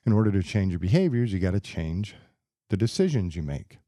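Deep-voiced guy doing a solo podcast, dry close sound, walks through his points one by one. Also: brisk, no echo. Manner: steady, explanatory, lecturing through steps. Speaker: podcast host and psychologist. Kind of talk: casual solo podcast talk. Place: podcast studio.

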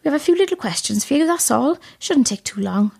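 A woman's voice: high-pitched, lively intonation, brisk, vocal fry, dark tone. A woman playing Sal, a gushing, over-polite female detective.

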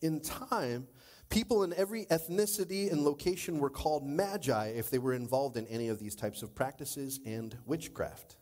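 A male pastor delivers a lively sermon in church. His voice sits high, and he moves between loud, excited exclamations and low, confiding asides. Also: moderate pace.

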